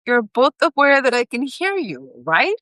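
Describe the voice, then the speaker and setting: Brief: woman reading a stubborn young ex-soldier begging for another chance, lively pitch, dry close sound. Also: a little slow, no room sound, full character voice. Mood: pleading. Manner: desperate, stubborn, pleading. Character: earnest young male soldier pleading in heaven.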